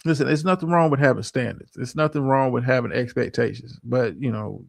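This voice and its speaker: A man's voice: mid-range voice, brisk, creaky, no echo, clean studio sound. A man hosting a livestream, reacting to a clip with profane, stammering, preachy relationship advice. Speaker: streamer host.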